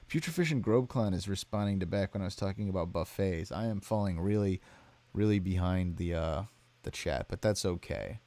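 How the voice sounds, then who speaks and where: A tired man live-streaming, reading out chat messages and answering them in a deadpan, rambling way. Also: low voice. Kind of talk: casual chat.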